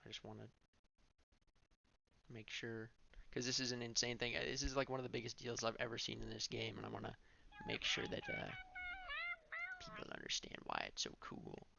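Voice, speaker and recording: Male streamer, lively up-and-down delivery with a heavy vocal fry, rambling through gameplay commentary. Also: mid-range voice, normal speed, muffled recording, slight background noise. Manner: thinking aloud, self-correcting.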